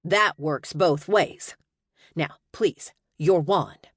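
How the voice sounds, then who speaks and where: A woman's voice: deep voice, extremely slow, slightly rough, dry recording, clean studio sound, full character voice. A woman voicing a curt male receptionist who holds firm on security.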